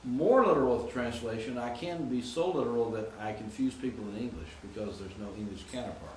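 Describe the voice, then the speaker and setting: A man's voice: medium pitch, fairly quick, reverberant, slight background noise, rough recording. A man teaching Greek grammar in a classroom lecture, explaining and reciting word forms.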